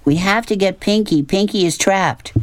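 A man's voice: high voice, normal speed, no echo, pitched above the performer's own voice, natural voice. A man voicing an anxious, earnest young girl in a storybook reading, urgent and pleading.

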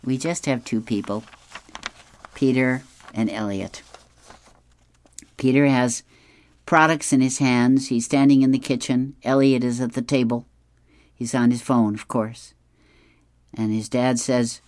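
On his radio show, a man reads an advice column and describes comic strips with amusement, unhurried and chuckling while reading. His voice is mid-range, steady and somewhat dark, with no room sound.

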